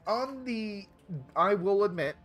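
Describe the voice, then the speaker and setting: Man, game streamer, casual commentary, rambling, restless, pitch jumping around, faint music behind. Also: slow, lo-fi sound. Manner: rambling, self-interrupting, animated.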